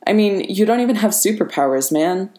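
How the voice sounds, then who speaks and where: A woman voicing an anxious teenage boy superhero who speaks hesitantly and in halting bursts in an audiobook reading. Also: medium pitch, expressive, mellow, voice pushed up, close to an everyday voice. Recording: roomy reverberant room.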